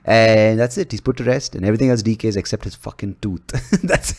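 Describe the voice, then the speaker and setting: A man with a notably low voice hosts a podcast. He rambles loosely from joke to joke, swears freely and laughs a lot. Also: brisk. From India. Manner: rambling, profane and jokey, laughs often. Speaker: podcast host. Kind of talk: casual podcast chat.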